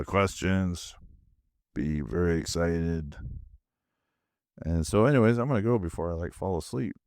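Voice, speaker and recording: A man's voice: low-pitched, creaky, no echo, studio quality. A man hosting his own podcast from his home movie room, drowsy and half asleep, rambling in a laid-back, meandering way. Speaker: podcast host. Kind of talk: casual rambling monologue.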